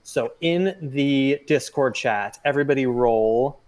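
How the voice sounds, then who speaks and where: A man's voice: mid-range voice, unhurried, a little mellow. A man as game master, patiently and methodically explaining rules over voice chat, with frequent fillers.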